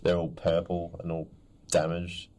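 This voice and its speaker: Young man, podcast co-host, very low voice, lively storyteller. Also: unhurried. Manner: animated storytelling, acts out others' voices. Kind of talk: casual chat.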